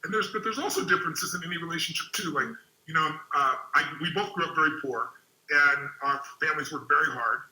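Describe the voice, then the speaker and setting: A man hosting a relationship webinar, telling stories in an energetic, emphatic way. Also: a little high, reverberant, low-quality recording. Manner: energetic and emphatic, quick storytelling. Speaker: host and relationship speaker. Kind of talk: webinar talk with storytelling.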